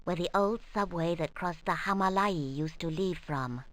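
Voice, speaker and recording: Actress as measured female villager, low-pitched, plain delivery. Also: fairly bright tone, a little hiss or hum, natural voice, low-quality recording. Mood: calm. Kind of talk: 1990s video game voice acting.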